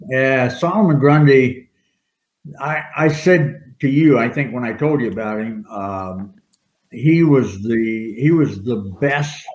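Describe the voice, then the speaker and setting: A man's voice: medium pitch, a little mellow. Older male storyteller, rambling and chuckling; echoey room, muffled lo-fi mic. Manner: rambling, laughing anecdotes. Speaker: retired wrestler guest. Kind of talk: casual storytelling interview. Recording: roomy, dull lo-fi sound.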